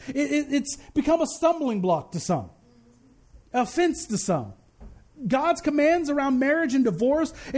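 A man preaching a sermon as pastor, fervent and emphatic, slowing down hard to stress key lines. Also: very high voice, darkish tone.

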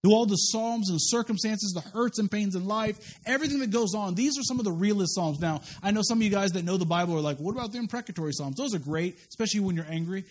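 A man preaching a sermon as a pastor, telling a personal story with lively quoted voices and frequent restarts. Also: high voice, fast talker, few pauses.

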